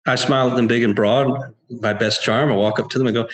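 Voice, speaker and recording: A man's voice: mid-range voice, steady tone, fairly quick, few pauses, poor audio. A man playing a tabletop role-playing game, speaking in character as a courteous restaurant owner. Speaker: player.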